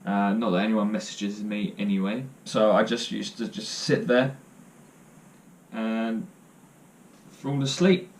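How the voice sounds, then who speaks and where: A man's voice: lowish voice, steady tone, slow pace. A young man telling stories to camera in a casual vlog, joking and self-deprecating as he rambles. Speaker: vlogger.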